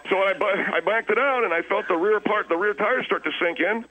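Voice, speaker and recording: A man's voice: high-pitched, brisk, bright, forceful tone, a little hiss or hum, low-quality recording. A man doing a blustering hapless boater. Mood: defensive. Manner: rambling, defensive storyteller.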